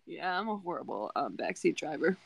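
A woman's voice: low voice, very animated, fairly quick, vocal fry, slightly rough, no echo. A young woman co-hosting a casual chat, frank and swearing casually as she tells stories. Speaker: podcast co-host.

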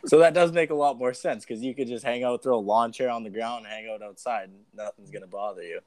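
A man's voice: medium pitch, fast talker, a little mellow, no echo. A man co-hosting a casual chat, joking and teasing with a ready laugh. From Canada. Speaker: co-host.

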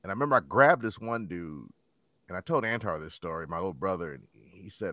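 A man in his thirties telling rough stories in casual chat, swearing and acting out quotes in a higher voice. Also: a little fast, no echo. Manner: animated storyteller, swearing, acts out quotes in higher voice.

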